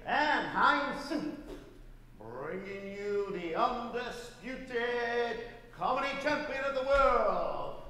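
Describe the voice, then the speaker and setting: An actor playing a showy male stage announcer in Las Vegas, with booming, drawn-out showman announcing. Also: fairly bright tone, very echoey, long reverb tail, slight background noise, full character voice. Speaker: show announcer.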